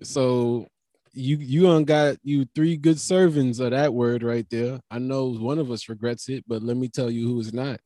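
A man delivering a rambling, profane comic monologue, wandering through tangents, restarting sentences and now and then bursting into animated high riffs. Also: normal speed, dry recording, studio quality.

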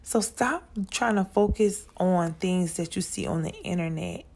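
A woman's voice: lowish voice, measured pace, vocal fry, a little mellow. A woman hosting her own podcast, talking casually and straight to her listeners, often repeating words as she goes. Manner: chatty, repeats words and restarts, addresses listeners as y'all. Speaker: podcast host. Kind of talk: casual monologue.

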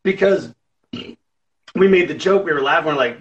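A man's voice: a little high, lively intonation, a little slow, a bit bright, dull audio. A man, a musician guest, chatting casually in an interview and rambling with lots of fillers and acted-out quotes.

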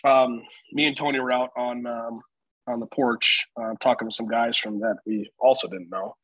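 A man's voice: medium pitch, little pitch movement, normal speed, a bit bright, dry recording, low-quality recording. A man in his twenties, a podcast co-host, telling a rambling story in casual chat and laughing along the way.

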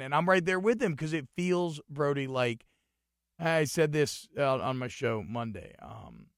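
Casting: male sports podcast co-host, mid-pitched, dry close sound, animated and loud when excited. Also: clear, resonant tone, no echo. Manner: animated, rising to excited shouting. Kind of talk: casual sports talk.

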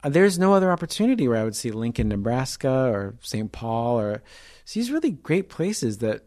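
Relaxed, hesitant man. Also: medium pitch, normal speed. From United States. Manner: relaxed, hesitant, fond of mimicking accents. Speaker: interview guest, comedian. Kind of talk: casual conversation.

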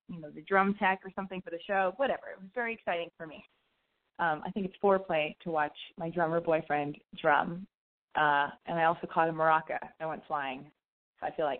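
A woman's voice: fairly low pitch, narrow, tinny audio. Rambling woman telling a story, phone-thin sound. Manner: rambling, self-correcting, swears freely. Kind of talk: casual storytelling monologue.

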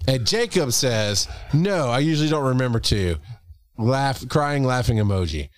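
A man's voice: medium pitch, lively intonation, moderate pace, dry recording. A man co-hosting a casual podcast, reading listener comments with playful mock indignation. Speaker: podcast co-host.

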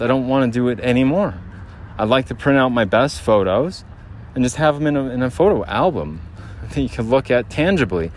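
Here a man with a mid-range voice breathes hard during a quick city walk while hosting his podcast, drifting through a rambling monologue with plenty of restarts. Quiet outdoor street noise and traffic fill the background near a generator.

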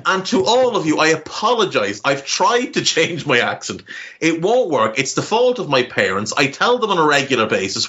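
A man's voice: fairly high pitch, sing-song, normal speed, fairly bright tone, dull audio. A man with a Navan accent from Ireland, hosting a casual podcast chat in a rambling, heartfelt way with casual swearing. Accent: Irish, Navan. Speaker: podcast host.

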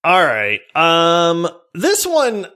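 A man from Louisiana tells a story in casual podcast chat. He laughs along and acts out the quotes loudly. His voice sits a bit high and moves around a lot. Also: wildly swooping pitch, very slow.

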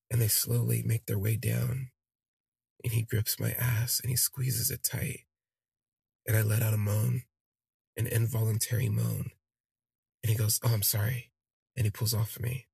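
A man's voice: on the low side, creaky, darkish tone, breathy edge, no room sound. A man casually telling a personal story on his podcast, candid and rambling, with lots of fillers. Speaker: podcast host.

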